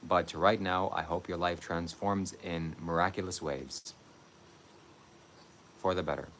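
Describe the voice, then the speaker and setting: A man making a slow, syrupy mock-spiritual pitch for donations on a comedic livestream. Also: fairly even intonation, fairly bright tone, a little hiss or hum. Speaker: comic guru on a livestream.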